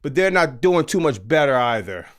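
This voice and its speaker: A man ranting on a live stream about wrestling, exasperated and sarcastic, sometimes bursting into shouts. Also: medium pitch, very animated, moderate pace.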